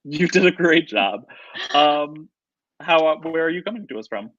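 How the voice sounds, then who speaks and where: A man's voice: on the high side, animated, moderate pace, a bit bright, no room sound. Guy hosting a live video chat, laughs a lot, dry lo-fi sound. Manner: upbeat, giggly. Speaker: interview host. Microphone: video call. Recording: dull lo-fi video call audio.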